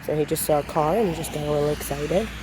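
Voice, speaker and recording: A woman dog trainer gives a calm, low-key lesson on leash handling while walking outside, talking with many fillers. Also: fast, noisy background. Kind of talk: outdoor training demonstration. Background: passing vehicles.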